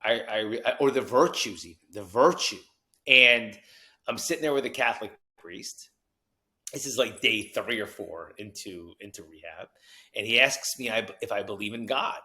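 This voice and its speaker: A man from New Jersey, a podcast guest telling his story with animated energy and acted-out quotes. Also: on the low side, moderate pace. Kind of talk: storytelling interview.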